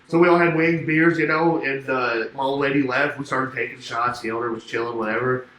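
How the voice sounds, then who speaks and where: A man's voice: mid-range voice, a little fast. Man telling a wild story, echoey room. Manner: swearing, laughing, animated anecdote with quoted dialogue. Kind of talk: casual storytelling. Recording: echoey room with faint ambience.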